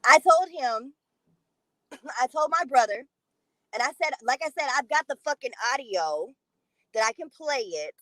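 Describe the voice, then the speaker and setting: High-voiced blunt woman vlogger. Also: lively intonation, measured pace, long pauses, pushed and bright, no echo, rough recording. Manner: blunt and profane, emphatic storytelling. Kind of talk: casual monologue to camera.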